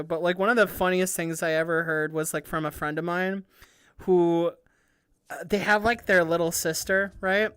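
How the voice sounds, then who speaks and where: A woman hosting a casual livestream, answering viewer questions in a rambling, excitable way, swearing and laughing often. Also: fairly low pitch, clean tone, no room sound, studio quality. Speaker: VTuber livestream host.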